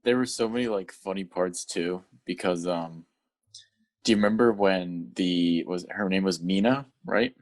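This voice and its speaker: A man's voice: sits low, a little slow. A man co-hosting a podcast in casual chat, rambling with lots of fillers and acting out scenes in silly voices. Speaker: podcast co-host.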